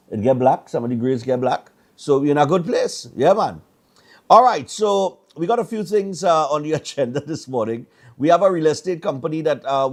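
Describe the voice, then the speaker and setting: A middle-aged man from Trinidad and Tobago, with a Trinidadian accent and a mid-range, slightly mellow voice, hosts a morning show. He tells stories in a casual, rambling chat, often stammering and repeating himself.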